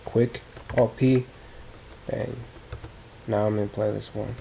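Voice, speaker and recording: Man hosting a casual how-to video, relaxed and rambling, with a dark, gravelly tone. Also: lowish voice, takes it slowly, slight background noise, rough recording. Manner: casual, rambling, self-correcting. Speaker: tutorial host. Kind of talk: casual software tutorial.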